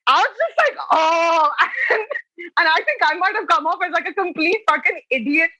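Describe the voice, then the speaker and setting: A woman's voice: very high voice, lively intonation, a little fast, bright, forceful tone, dry recording, low-quality recording. A young woman, a guest on a podcast joining by remote call, chatting freely, telling stories and swearing casually. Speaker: guest, comedian.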